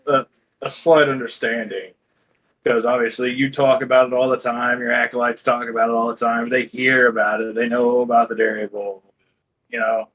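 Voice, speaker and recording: A man's voice: mid-range voice, little pitch movement, moderate pace, a bit bright, rough recording. A man running a tabletop game as game master, talking loosely and rambling, with casual swearing.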